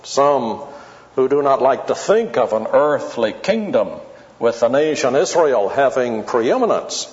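A man giving an expository Bible lecture, deliberate and emphatic, stretching out key words for stress. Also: medium pitch. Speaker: Bible teacher. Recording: dull lo-fi tape in a reverberant hall.

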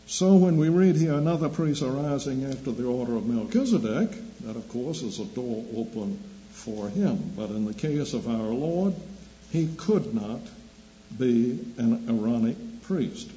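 Older male preacher, deliberate anecdotal delivery; muffled lo-fi recording. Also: medium pitch, animated, mellow. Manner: slow deliberate storytelling, dry humor. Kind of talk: sermon with anecdotes. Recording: dull lo-fi recording with faint hum.

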